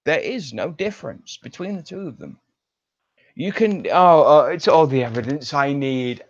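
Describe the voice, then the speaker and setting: A man delivering an angry, profane ranting monologue with drawn-out emphatic delivery. He sounds furious throughout. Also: a little high, lively intonation, dry recording. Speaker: online show personality. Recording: dull lo-fi dry recording.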